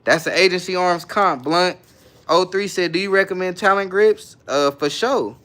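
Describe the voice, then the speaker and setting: A young man hosts a casual livestream, reading each viewer comment aloud and then answering it in easygoing slang. His voice sits a little high for a man and comes through smooth and clear. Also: moderate pace, fairly bright tone. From San Francisco Bay Area, California. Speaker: livestream host.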